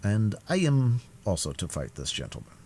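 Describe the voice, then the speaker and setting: A man voicing a refined, sly male musketeer with churchly airs in a storybook reading, speaking soft. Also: on the low side, huge pitch swings, moderate pace, breathy edge, full character voice.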